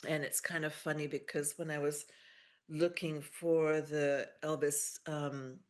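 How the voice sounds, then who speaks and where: A middle-aged woman giving a heartfelt personal remembrance over a video call, halting and pausing often. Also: low-pitched, level tone. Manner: halting, with many pauses and fillers. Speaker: memorial speaker.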